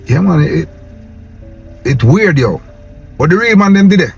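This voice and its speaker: Gravelly and a little high, this young Jamaican man's voice is expressive as he delivers a preachy, fervent vlog rant in a Patois accent at a measured pace. He keeps repeating "yo" and "man," with faint music underneath.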